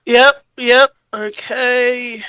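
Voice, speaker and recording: A woman playing in a tabletop game, talking casually in an unhurried, questioning way. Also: fairly high pitch, fairly even intonation, pushed and bright, clean tone, no echo, rough recording. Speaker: player.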